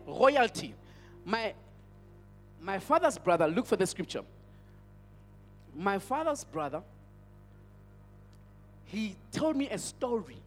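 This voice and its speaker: A male pastor with a South African accent, preaching a sermon as an emphatic storyteller who repeats his phrases. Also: sits high. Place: church hall. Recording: church hall with long reverb.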